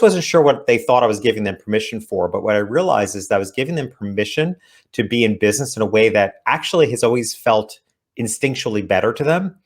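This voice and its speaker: A man, an author guesting on an interview show, talking earnestly as he explains his ideas. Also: on the low side. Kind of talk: interview conversation.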